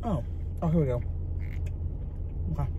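A woman's voice: sits low, lively intonation, moderate pace, warm tone, dull audio, slight background noise. A woman playing a brash, crude trailer-park wife who chats crudely while eating in a parked car. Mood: chatty. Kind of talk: comedic mukbang character sketch.

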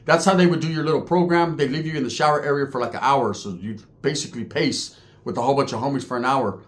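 A middle-aged man with a medium-pitched voice talks fast as a podcast storyteller. He tells an animated story in casual street slang, imitating the voices of other inmates as he retells it.

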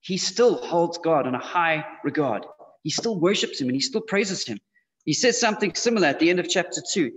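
In a church hall, a youth preacher gives teenagers a casual, conversational sermon full of fillers. His voice is a little high, expressive, and fairly bright, and he speaks a little fast. The sound is dull and slightly muffled, with long hall reverb.

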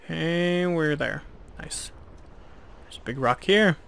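Male let's-player, chatty and self-deprecating, slightly high voice with fry, casual commentary. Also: takes it slowly, a bit bright, slight background noise. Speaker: let's play host.

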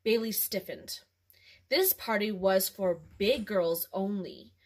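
A woman hosting a home video, chatting casually and then reading a children's story aloud with ums and pauses. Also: medium pitch. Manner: animated, with ums and throat clearing.

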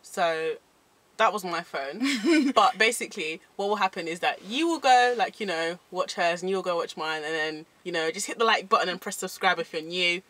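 A woman's voice: on the low side, normal speed, fairly bright tone. A young woman guesting on a friend's vlog, rambling casually and poking fun at herself. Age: young adult. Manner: rambling, self-deprecating. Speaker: guest vlogger. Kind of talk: casual chat.

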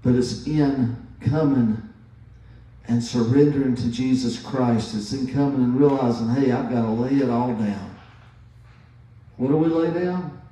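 A man in his fifties preaching a sermon as pastor, slowly and emphatically, repeating key phrases. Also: medium pitch, warm tone. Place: church sanctuary. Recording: very echoey church from a distance.

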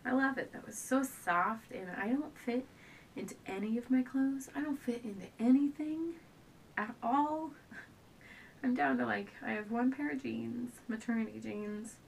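A woman's voice: a little slow, gravelly. A young pregnant woman chatting casually to her camera at home, rambling and restarting her sentences, often a bit out of breath. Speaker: stay-at-home mom vlogger. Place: at home indoors. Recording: a bit distant from the camera, faint low rumble.

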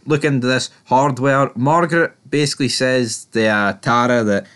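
Animated, profane man recapping a show. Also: mid-range voice, normal speed, smooth. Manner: animated storyteller, swears freely. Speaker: podcast co-host reviewing a TV episode. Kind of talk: casual chat, recapping scenes.

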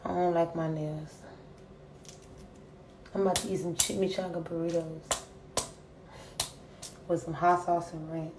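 A woman's voice: fairly low pitch, level tone, unhurried, pauses often, roomy sound, distant mic, noisy background. A young woman chatting casually on a livestream, brashly roasting commenters with heavy profanity. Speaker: livestream host. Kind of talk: casual livestream chat with viewers.

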